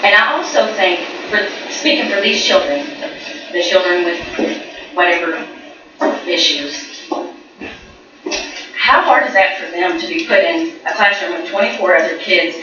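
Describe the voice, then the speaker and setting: A woman's voice: lowish voice, measured pace, long pauses, over music. A woman in her thirties, a mother addressing a school board, speaking earnestly and growing emotional. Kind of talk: public comment at a meeting. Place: large meeting room. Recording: echoey, distant, dull room recording.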